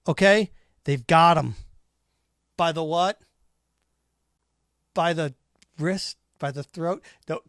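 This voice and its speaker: A man's voice: high voice, no room sound, studio quality. A man hosting a sports talk show, ranting sarcastically and mocking imagined fans. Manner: combative, sarcastic, mocks imagined callers in put-on voices. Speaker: sports radio host. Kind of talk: opinionated sports talk monologue.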